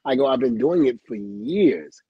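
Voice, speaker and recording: A middle-aged man, guest on a livestream, relates episodes from his career with energy, performing other people's dialogue, laughing a lot and swearing. His mid-range voice is slightly rough and at normal speed. The lo-fi audio has no room sound.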